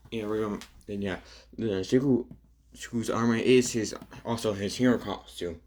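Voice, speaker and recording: A man narrating an improvised fan story, halting and full of fillers, with a husky voice. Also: lowish voice. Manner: halting, filler-heavy, many restarts.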